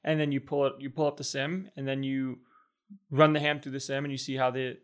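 A man's voice: medium pitch, little pitch movement, fairly quick. A man co-hosting a casual talk show, rambling and thinking aloud with many fillers. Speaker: podcast co-host. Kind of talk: casual chat.

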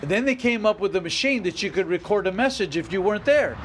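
A middle-aged man preaches in a high-pitched voice, driving his points home with repetition and rising emphasis. He speaks as a pastor delivering a sermon. A faint noise sits under the recording. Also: lively intonation, fast talker. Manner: emphatic preaching with repeated phrases and rising outbursts.

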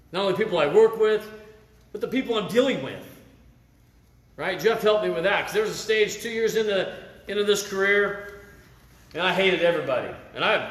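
A middle-aged man gives a sermon in a relaxed, conversational way, telling stories from his own life and checking in with the crowd by asking "right?" His voice sits a little high for a man. The hall around him gives a noticeable echo. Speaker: lay preacher. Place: camp meeting hall.

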